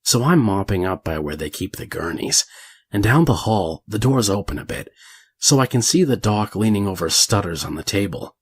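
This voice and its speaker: A man's voice: on the low side, expressive, normal speed, husky, no echo. A man voicing a crude older male convict who tells a gross story with plenty of profanity. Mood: vulgar yarn. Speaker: narrator.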